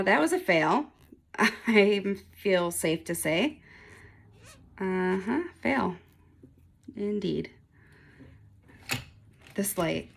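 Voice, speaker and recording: A woman's voice: on the low side, gravelly, fairly bright tone, slight background noise. A woman in her forties, a nail polish vlogger, rambling casually to camera with lots of ums and frequent laughs. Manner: rambling, chatty, laughs often, many ums.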